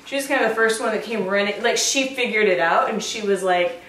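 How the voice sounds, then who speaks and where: A woman breeder chatting casually as she shows a litter of puppies, often cooing at them in a high baby-talk voice. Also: a little fast, a bit bright, slight background noise. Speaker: dog breeder showing a puppy litter. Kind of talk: casual vlog chat. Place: indoor room with the puppies. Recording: roomy, distant camera sound.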